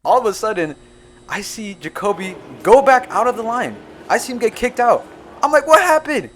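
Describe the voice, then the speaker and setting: A young man narrating a storytime video in an excitable, jumpy way, full of quick asides. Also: sits high. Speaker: storytime YouTuber.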